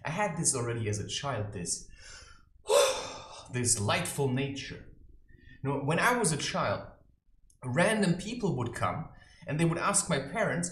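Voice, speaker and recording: A man's voice: on the high side, sing-song, unhurried, fairly bright tone. A man giving a preachy, theatrical, mocking satirical monologue to camera from his own room. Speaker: self-styled spiritual advisor. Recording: roomy echo.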